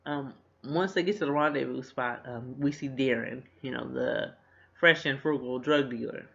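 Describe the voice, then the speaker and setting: Gravelly man recapping a TV episode. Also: mid-range voice, moderate pace. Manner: animated retelling, acts out characters' lines with laughter. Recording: dull lo-fi recording.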